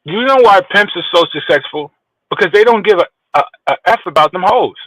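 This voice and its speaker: A man's voice: high-pitched, expressive, fairly quick, a bit bright, dry recording, rough recording. A man chatting casually, brash and profane, boasting as he tells stories. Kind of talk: crude casual chat.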